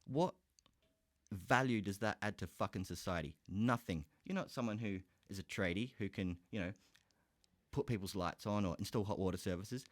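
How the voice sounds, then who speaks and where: A man's voice: on the low side, fairly quick, no room sound. Profane Australian man ranting, dry sound. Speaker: podcast host. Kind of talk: ranting solo podcast.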